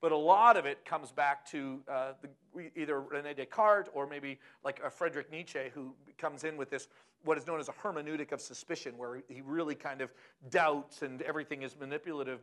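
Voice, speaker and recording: A middle-aged man giving a sermon as a pastor, animated and often asking the audience questions. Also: a little high, brisk.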